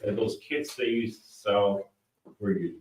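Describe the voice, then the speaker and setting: A man's voice: fairly low pitch, measured pace, darkish tone, slight background noise. A man in the audience asking a hesitant question. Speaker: audience member. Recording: roomy, distant room recording.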